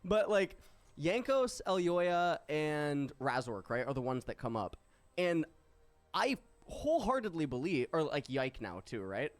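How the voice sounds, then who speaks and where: A young man and esports streamer talking casually on stream, animated and swearing freely. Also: a little high, a little slow. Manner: animated, swears, breaks into loud laughs.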